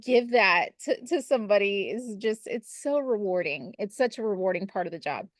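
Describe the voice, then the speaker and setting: A woman's voice: mid-range voice, animated, normal speed, no echo. A woman who breeds pigs, chatting casually and rambling with restarts and fillers. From Texas. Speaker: pig breeder, podcast co-host. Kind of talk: casual chat.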